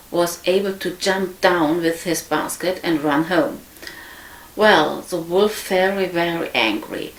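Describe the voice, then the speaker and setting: A woman reading a fairy tale aloud in an unhurried manner, with frequent slips and restarts. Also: fairly low pitch. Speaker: storyteller. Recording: echoey room.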